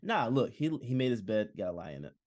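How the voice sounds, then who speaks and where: A man's voice: lowish voice, sing-song, fast, a little mellow, no room sound. A man co-hosting a sports podcast, laid-back and agreeable, talking casually. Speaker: podcast co-host.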